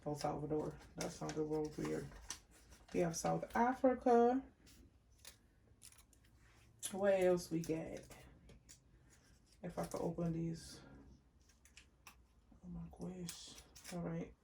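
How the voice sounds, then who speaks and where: A woman giving a casual pick-a-card tarot reading, chatty and unhurried as she lists card words one by one. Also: fairly low pitch, vocal fry, warm tone, a little hiss or hum. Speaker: tarot reader.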